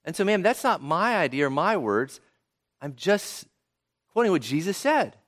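An earnest young college student, as a preacher acts him out, speaking calmly and carefully in a somewhat lowered voice. His measured explanation moves with a lively pitch.

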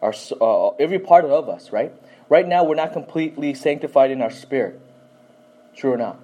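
Husky-voiced male Bible teacher. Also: medium pitch, lively intonation, fairly quick, mellow, poor audio. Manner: quizzes listeners with questions, frequent "okay?".

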